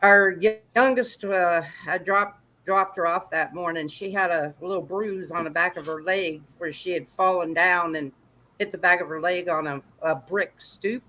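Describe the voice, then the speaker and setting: Older man, bright forceful voice, laid-back father telling a story. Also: high-pitched, moderate pace, slight background noise, poor audio. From Georgia. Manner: laid-back storyteller who laughs at his own tale. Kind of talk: casual storytelling chat.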